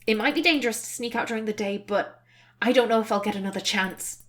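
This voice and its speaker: Earnest young heroine, read by a woman, quiet and reflective, over game music. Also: fairly high pitch, quick pace, close to an everyday voice. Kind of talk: voiced game reading.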